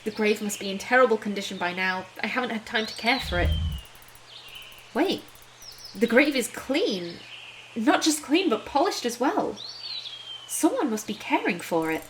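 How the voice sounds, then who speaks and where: A woman's voice: on the high side, lively intonation, moderate pace, pauses often, slight background noise, close to an everyday voice. Woman reading a thoughtful young heroine. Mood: reflective. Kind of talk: voiced game reading.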